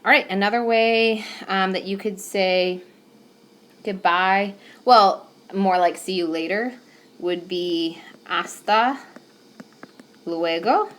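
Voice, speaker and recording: A woman's voice: medium pitch, slow, long pauses, fairly bright tone. A woman teacher explaining a recorded whiteboard lesson patiently, with some fillers. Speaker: Spanish teacher. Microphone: tablet microphone.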